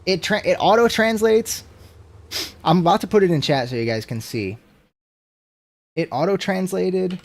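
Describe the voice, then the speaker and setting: A man's voice: high-pitched, expressive, unhurried. Profane tipsy young man ranting on stream. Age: 20s. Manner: profane, rambling, swings between loud rants and mumbles. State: tipsy from drinking. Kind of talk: casual stream chat.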